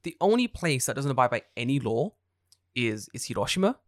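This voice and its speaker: A man's voice: mid-range voice, a little fast, no echo, clean studio sound. A man co-hosting a casual podcast, telling stories with lots of swearing and acting out the people in them. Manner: animated storyteller, swears a lot, acts out people in quotes. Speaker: podcast co-host. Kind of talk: casual chat. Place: lives in Japan.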